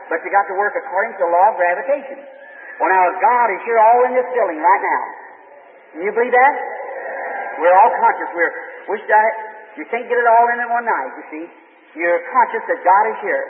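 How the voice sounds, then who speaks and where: A man preaching an impassioned revival healing sermon, asking the crowd rhetorical questions. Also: high-pitched. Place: large meeting hall. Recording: tinny old hall recording with radio noise.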